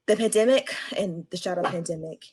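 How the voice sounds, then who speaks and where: A woman speaking on a video call panel, giving halting, emotional personal testimony and apologizing as her voice breaks. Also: on the low side, darkish tone, breathy edge, no echo, rough recording.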